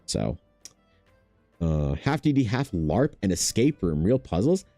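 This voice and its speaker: A young man chatting casually while drawing on his art stream, telling stories in a rambling, animated way full of fillers. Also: sits low, a little slow, no room sound, faint music behind. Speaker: artist hosting a drawing stream.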